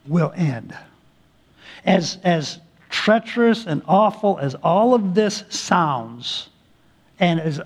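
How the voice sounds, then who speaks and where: A male pastor preaching a sermon, earnest and emphatic, stretching key words slowly and restarting phrases often. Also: on the high side, creaky, a little mellow, slightly rough.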